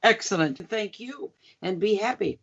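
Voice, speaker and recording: Woman, 70s, interview guest; gravelly, emphatic, repeats herself; dull lo-fi audio. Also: mid-range voice, expressive, moderate pace, crowd noise. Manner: emphatic, repeats key phrases. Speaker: musician guest. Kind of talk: interview conversation.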